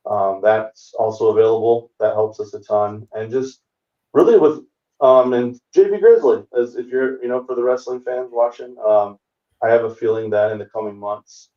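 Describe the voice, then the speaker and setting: A comedian in his forties telling a story in a relaxed chat, acting out other people's lines as he goes. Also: on the low side. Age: 40s. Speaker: comedian guest. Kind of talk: storytelling anecdote in casual chat. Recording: roomy, distant, dull remote call audio.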